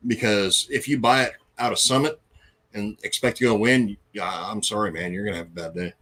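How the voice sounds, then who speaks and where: A man's voice: fairly low pitch, a little fast, fairly bright tone, husky. A middle-aged man co-hosting a casual live chat, joking, swearing and laughing often. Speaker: co-host.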